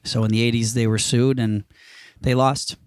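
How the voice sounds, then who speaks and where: A man's voice: medium pitch, level tone, moderate pace, smooth, no room sound. Guy cohosting a podcast, sick-ish throat, dry studio sound, rambly and jokey. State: under the weather, throat clearing. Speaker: podcast co-host. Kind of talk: casual chat.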